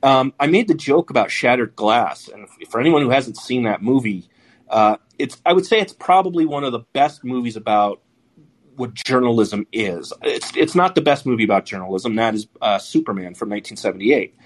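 A man's voice: medium pitch, expressive, moderate pace. A man hosting a talk show, giving blunt, profane commentary and rambling with many restarts. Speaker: podcast host. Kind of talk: casual commentary.

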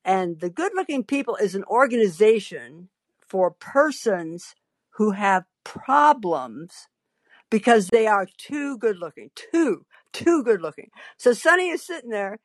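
A woman hosting a call-in podcast tells a story with wry, theatrical timing. She acts out the people she met in quick little voices. Her voice sits in a middle range and sounds close and dry, with no room around it. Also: mid-range voice, expressive, no echo. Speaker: podcast host. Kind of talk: storytelling monologue.

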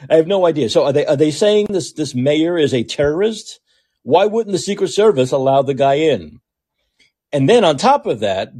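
A male podcast host rants through political commentary in a sarcastic, mocking tone. His slightly husky voice swings widely in pitch as he jabs at his targets. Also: mellow.

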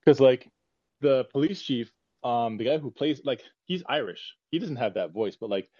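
A man's voice: medium pitch, lively intonation, normal speed, husky, dry recording, highs cut off. A man co-hosting a casual podcast chat, rambling with many fillers and restarts. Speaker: podcast co-host.

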